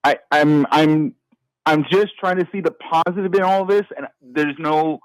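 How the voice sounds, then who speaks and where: A man calling in to a talk show, fighting back tears and speaking in a halting, stammering way. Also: fairly high pitch, smooth, low-quality recording. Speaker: caller. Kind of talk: phone-in conversation.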